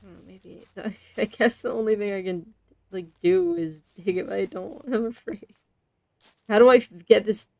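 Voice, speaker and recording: A woman's voice: mid-range voice, normal speed, vocal fry, a little mellow, no room sound. A woman streamer playing a game, talking to herself in a chatty, casual way and laughing often.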